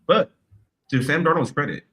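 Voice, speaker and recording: Guy chatting football on a stream, slangy and hyped, jumps into high voices when he imitates folks. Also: normal speed. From California. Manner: animated, slangy, mimics people in high voices. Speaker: podcast co-host. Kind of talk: casual sports chat.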